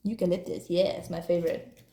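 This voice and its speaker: A woman's voice: lowish voice, little pitch movement, fairly quick, vocal fry, dark tone, echoey room. A woman doing a casual, playful tarot card reading, rambling and laughing often.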